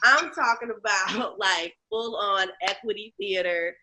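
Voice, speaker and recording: Bright, animated storytelling woman. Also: medium pitch, unhurried, slight background noise. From Chicago. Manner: animated storyteller, acts out quoted voices. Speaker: guest, lactation educator and comedian. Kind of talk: casual interview chat.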